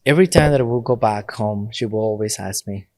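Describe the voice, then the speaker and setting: A man's voice: fairly low pitch, a little fast, dark tone, no room sound. A man, a Catholic priest and podcast guest, telling stories in casual conversation, laughing often and acting out quoted lines.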